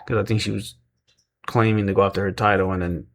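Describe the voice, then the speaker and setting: A man's voice: fairly low pitch, steady tone, fast talker. Tired, rambling man recapping casually. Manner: rambling, chuckles often, self-correcting. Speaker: wrestling recap host.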